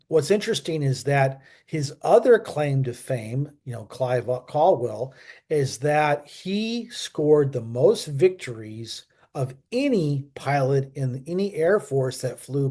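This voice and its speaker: A man's voice: medium pitch, warm tone. A man hosting a history channel, talking casually and off the cuff, with lots of fillers, restarts and self-corrections. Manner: chatty, asks viewers to subscribe. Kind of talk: casual unscripted history talk.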